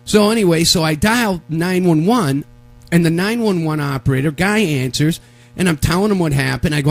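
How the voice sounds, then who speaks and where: A radio show co-host with a voice on the high side tells a lengthy story on a live talk show at a fairly quick clip. He's animated throughout, performing the voices of the characters he describes.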